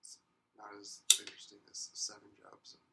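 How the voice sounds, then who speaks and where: A man's voice: lowish voice, completely flat delivery, a little fast, gravelly, very noisy. A young man co-hosting a podcast, casually retelling events with wry, sarcastic asides. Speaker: podcast co-host.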